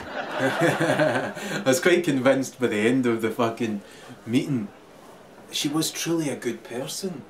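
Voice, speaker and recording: A man with a Scottish accent in a rambling, crude monologue who keeps laughing as he talks. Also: mid-range voice. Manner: crude, laughs through his talk, swings loud and quiet. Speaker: vlogger. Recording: distant mic, loud crowd and noise.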